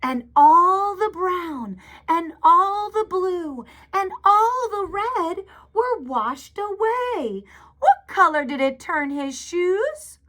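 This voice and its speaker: A woman teacher reads a picture book aloud to children, animated and full of questions for her young listeners. Her voice sits high and bright, and she takes her time, leaving room between phrases. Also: takes it slowly.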